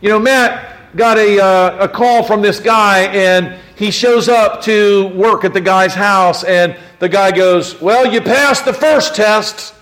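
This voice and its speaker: A man's voice: sits high, steady tone, takes it slowly, few pauses, a bit bright. A man preaching a conversational sermon to his congregation, asking rhetorical questions and often restarting his sentences. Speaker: pastor.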